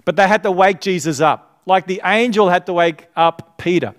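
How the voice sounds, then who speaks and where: Pastor with a smooth voice. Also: male voice, sits high, normal speed, hardly any pauses. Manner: asks the congregation questions to fill in; earnest and conversational, with laughter. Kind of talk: sermon.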